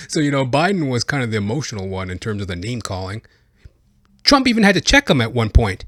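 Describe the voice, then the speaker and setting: A man hosts a podcast, rambling through comedic political commentary with plenty of fillers. His pitch moves in a lively way, and the recording is dry and close, without room sound. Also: brisk, no room sound. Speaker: podcast host.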